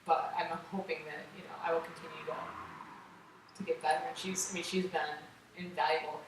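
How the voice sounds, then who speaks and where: Woman interview guest, casual storyteller, lowish voice, far from the mic in a boomy room. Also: normal speed. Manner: animated, acts out quotes, many "like"s. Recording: echoey room, distant mic, faint noise.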